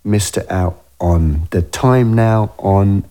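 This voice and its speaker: A man's voice: low-pitched, very slow, dark tone. A man hosting a radio show, chatting casually and rambling with frequent self-corrections. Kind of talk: casual on-air chat.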